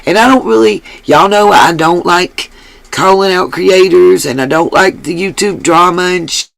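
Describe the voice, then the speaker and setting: Fired-up gravelly woman streamer. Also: fairly low pitch, normal speed, no room sound, low-quality recording. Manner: heated, profane, talks straight to her chat. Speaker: live-stream host. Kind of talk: angry live-stream rant. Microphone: headset mic.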